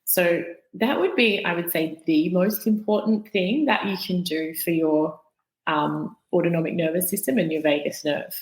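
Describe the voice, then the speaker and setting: A woman guest expert explaining the nervous system in calm, patient interview talk. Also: on the low side, moderate pace, reverberant, low-quality recording. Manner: calm, explanatory, demonstrates voices.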